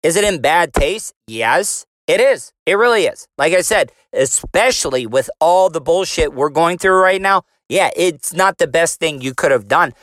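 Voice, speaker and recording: A man's voice: on the high side, lively intonation, moderate pace, few pauses, a bit bright, dry recording. A man, formerly in radio, delivering a combative, profane rant full of rhetorical questions. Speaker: commentator, former radio host. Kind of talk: ranting commentary.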